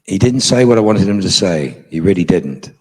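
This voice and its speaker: A man's voice: low-pitched, animated, fairly quick, a little mellow, slightly rough. A middle-aged man, a guest on a convention panel, telling a story to a live audience in a frank, profane, dryly humorous way.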